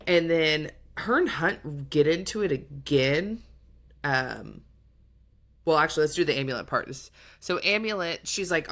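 Woman, low voice, podcast co-host, chatty plot recap, swears freely. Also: a little slow. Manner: animated retelling with acted quotes and swearing. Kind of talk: casual book chat.

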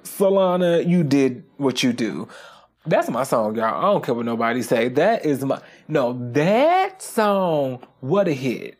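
A podcast host talking casually on their own, animated and profane, often checking in with "okay?". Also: medium pitch. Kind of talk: casual solo podcast monologue.

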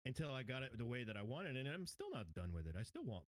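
A man from New York, a guest streamer, chatting casually in a quick, animated way and laughing easily. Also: medium pitch, low-quality recording. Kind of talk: casual chat.

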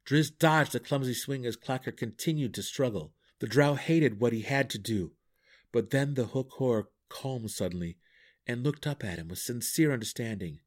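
A man reading a fantasy novel aloud for a podcast with dramatic, animated storytelling. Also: mid-range voice, normal speed. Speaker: audiobook podcast reader.

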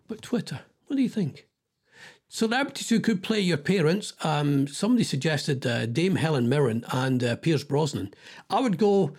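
A man's voice: a little high, a little mellow, slightly rough. A middle-aged Scottish man hosting a radio show, chatting casually and rambling as he thinks aloud. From Scotland. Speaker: radio host. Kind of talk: casual chat.

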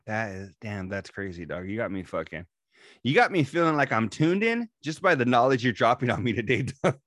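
A man's voice: mid-range voice, very animated, brisk, a bit bright, no room sound, clean studio sound. Profane laid-back podcast co-host, man. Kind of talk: casual podcast banter.

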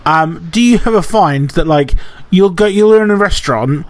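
Bloke on a podcast, a bit high voiced, swears a lot and laughs mid-story. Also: male voice, animated, moderate pace. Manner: swears a lot, laughs through his stories. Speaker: podcast co-host. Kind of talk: casual chat.

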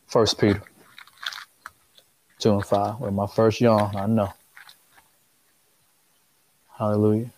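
A man delivering a sermon at a middle pitch, casual and conversational. He keeps firing questions at his listeners and repeats lines for emphasis. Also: darkish tone, poor audio. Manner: calls out questions and repeats phrases. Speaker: preacher.

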